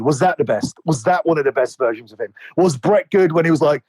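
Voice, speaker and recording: A man's voice: on the high side, fast, hardly any pauses, a little mellow, no echo, poor audio. A man in casual podcast chat about wrestling, rambling and swearing a lot with many restarts. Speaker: podcast co-host.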